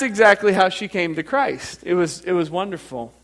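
High-voiced pastor preaching an animated sermon. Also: male voice, normal speed. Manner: animated storytelling, repeats words as he builds up. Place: church.

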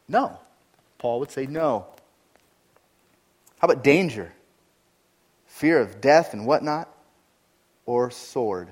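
A man preaching a sermon as a pastor, with rhetorical questions and repetitions, swinging between loud emphatic passages and hushed, intimate ones. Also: mid-range voice, sing-song, takes it slowly, pauses often, slightly rough. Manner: frequent rhetorical questions, repeats and restarts.

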